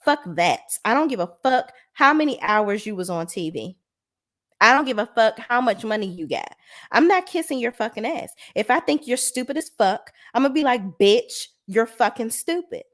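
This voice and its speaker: A woman in a casual video rant about a TV show, blunt and sassy with frequent swearing. Her voice sits fairly high and jumps all over the place, from loud high exclamations down to low asides. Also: lively intonation, moderate pace. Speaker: reality TV reviewer.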